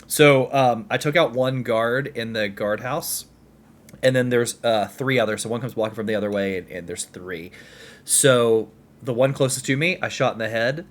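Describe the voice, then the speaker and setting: A man co-hosting a casual podcast, recounting a gameplay moment with excitement and some laughter. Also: medium pitch, normal speed. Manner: excited, laughs while telling story. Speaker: podcast co-host.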